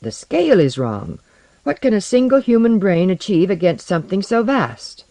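A man's voice: high-pitched, big pitch swings, moderate pace, mellow, no echo, pitched above the performer's own voice. Narrator voicing a mocking, bitter male empath. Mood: eager.

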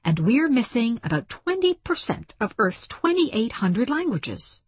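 A woman's voice: on the high side, big pitch swings, unhurried, slightly rough, dry recording, pitched above the performer's own voice, heavily acted. A woman voicing a frustrated female linguist who speaks sharply and impatiently.

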